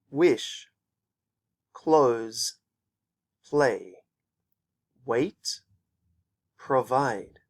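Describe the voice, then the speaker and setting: A man teaching an English pronunciation lesson, patiently repeating words for students to copy. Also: fairly high pitch. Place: teaching in Japan.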